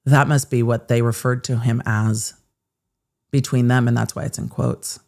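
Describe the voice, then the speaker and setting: A woman's voice: rumbling low, steady tone, normal speed, creaky, a little mellow. A woman hosting live legal commentary, sarcastic and blunt, and she swears freely. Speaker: host.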